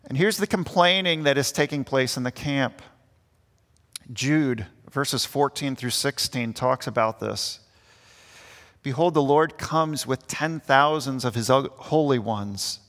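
A man's voice: mid-range voice, fairly bright tone. A young man preaching an earnest sermon as pastor, acting out the grumbling voices he quotes. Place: church. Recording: long church reverb.

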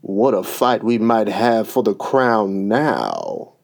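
A man's voice: on the low side, wildly swooping pitch, takes it slowly, gravelly, heavily acted. Man as a sly, dreamy storybook unicorn. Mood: sly, casual. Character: sly, eager male unicorn.

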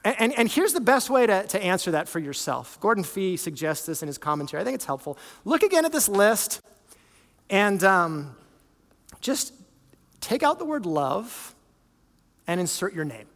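A man's voice: sits high, very animated, moderate pace, fairly bright tone, big-room sound. A man, a lead pastor, preaching a sermon in an earnest, conversational way, often restarting his sentences.

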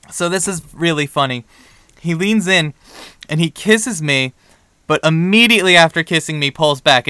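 Young man, podcast co-host, bright crisp voice, dry close mic, lively storytelling. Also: on the high side, dry recording. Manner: animated storyteller, acts out quoted dialogue. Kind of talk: casual chat, storytelling.

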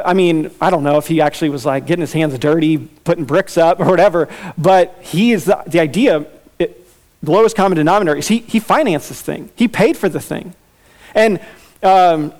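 Male preacher with a high, bright voice, casual and lively from the pulpit, slips into playful quoted voices. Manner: animated, conversational, acts out quoted voices with laughs. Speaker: pastor. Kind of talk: expository sermon.

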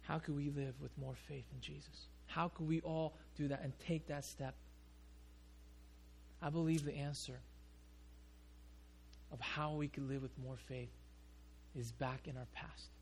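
A male pastor tells a story in his sermon. His voice is fairly high with a gravelly fry, and he talks in an animated way, restarting his sentences often. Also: unhurried, long pauses, slight background noise.

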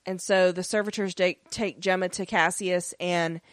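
A woman co-hosting a podcast, chatting casually through an episode recap with lots of fillers and quick acted-out character lines. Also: fairly low pitch, steady tone, no echo, clean studio sound. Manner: rambling, many fillers, acts out character lines. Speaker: podcast co-host.

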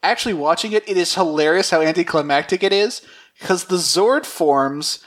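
A man's voice: on the high side, normal speed. A man co-hosting a casual podcast, recapping events in a wry, hesitant way. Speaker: podcast co-host. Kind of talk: casual chat.

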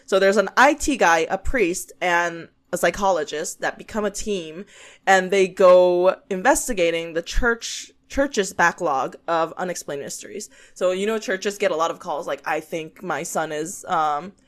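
A woman co-hosts a casual podcast, chatting loosely and laughing often. Her voice sits on the lower side for a woman. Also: measured pace. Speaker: podcast co-host. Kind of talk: casual chat.

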